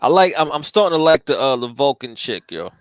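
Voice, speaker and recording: A man hosting a casual chat while drawing comics, talking in a profane, slangy, animated way. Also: medium pitch, a little fast, smooth, no echo. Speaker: comic artist and host.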